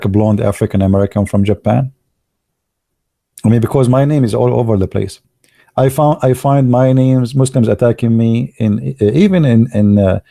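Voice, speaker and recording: A gravelly-voiced man with a mid-range, dark tone gives casual live commentary online, recorded dry with clean studio sound. His delivery is halting, full of fillers and restarts, with sarcastic asides.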